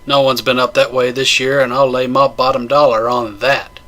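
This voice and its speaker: A man's voice: mid-range voice, moderate pace, natural voice. A man voicing a confident, bossy backwoods hunt organizer who speaks in a nasal, emphatic way. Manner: energetic, emphatic.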